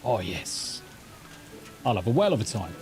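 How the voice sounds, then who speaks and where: Mellow sweary English streamer. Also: male voice, on the low side, very animated, moderate pace, soft background music. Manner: rambling, sweary and chatty. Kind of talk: casual live gameplay chat. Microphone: desk mic through a mixer.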